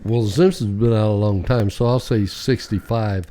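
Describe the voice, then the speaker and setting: A man's voice: lowish voice, fairly even intonation, normal speed, warm tone, slight background noise. A man, the father in a casual family podcast, who rambles and gets easily confused.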